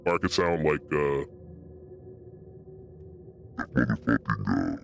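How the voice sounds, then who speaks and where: A man using a voice changer to drop his voice into a deep, gravelly, droning adult man. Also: sing-song, takes it slowly, a little hiss or hum, heavily acted. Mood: mock serious. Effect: pitch-lowering voice changer.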